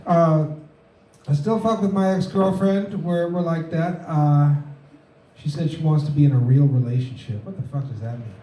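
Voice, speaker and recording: A man doing stand-up in a club, his voice somewhat raised yet mellow and dark. He drops deadpan one-liners between halting fillers, picked up from a distance in an echoey room with a faint hiss underneath. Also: a little high. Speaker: stand-up comedian. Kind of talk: stand-up set at an open mic. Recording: echoey room, mic heard from afar, faint noise.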